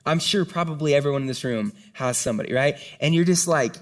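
Guy pastor giving a sermon, kinda high voice, earnest, talks casual like chatting with the room. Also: fast. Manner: earnest, conversational preaching with many "like"s.

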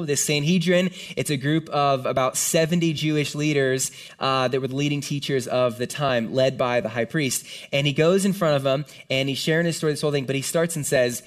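A man preaching a casual sermon to a room full of people, talking in an animated, conversational way. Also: a little high. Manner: conversational, animated, lots of "like" and "right?". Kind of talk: casual sermon to a live congregation. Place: room with a gathered audience.

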